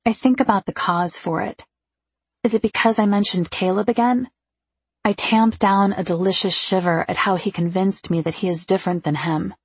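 A woman with a husky, gravelly voice narrating a first-person novel in an intimate, confiding way. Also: medium pitch, fairly even intonation, normal speed, dry recording. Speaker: audiobook narrator.

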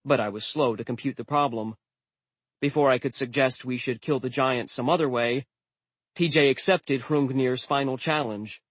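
A man narrating a novel in the first person with a steady, wry, measured delivery. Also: mid-range voice, dry recording. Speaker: audiobook narrator.

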